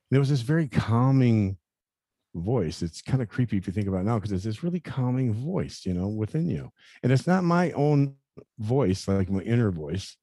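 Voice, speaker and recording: A man in his fifties telling a personal story in an interview, earnest and halting, often repeating words and saying "you know". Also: lowish voice, very animated, dark tone, breathy edge, no echo, studio quality. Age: 50s. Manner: earnest, confessional. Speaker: interview guest.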